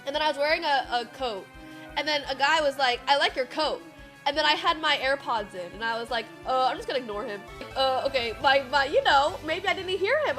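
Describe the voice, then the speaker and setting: A young woman in her twenties livestreaming, talking in a rambling, animated way with many fillers and some swearing. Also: high voice. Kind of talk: casual stream chat, storytelling.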